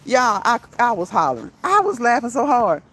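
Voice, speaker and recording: A woman vlogging while out on a walk, telling a story in a casual, animated way, laughing often and reading viewer comments aloud. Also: on the high side, moderate pace, a little hiss or hum, low-quality recording. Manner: reads live chat comments aloud. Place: outdoors on a walk.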